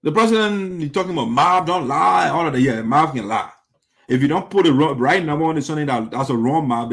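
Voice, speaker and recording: A man hosting a critical political commentary, indignant and full of rhetorical questions that circle back to the same points. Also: medium pitch. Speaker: commentary show host.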